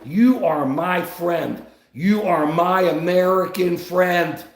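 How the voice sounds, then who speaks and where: A man's voice: high-pitched, slow, roomy sound, poor audio. A man hosting a podcast and giving impassioned political talk, emphatic and preachy, repeating his phrases. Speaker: podcast host.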